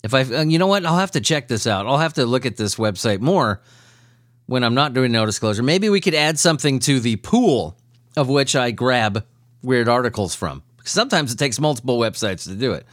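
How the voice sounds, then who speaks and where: In a clean studio recording with no echo, a mid-range male voice moves fairly quickly. This podcast host rattles through strange news items, laughing, ranting, and cursing constantly for comedic effect.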